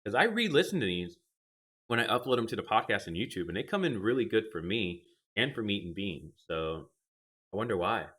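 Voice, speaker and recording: A young man with a deep voice that has a bright, forceful edge, rambling through a casual live stream from his home gaming setup. He talks into a desk mic and drifts from one viewer comment to the next. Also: big pitch swings, brisk, breathy edge. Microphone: desk microphone.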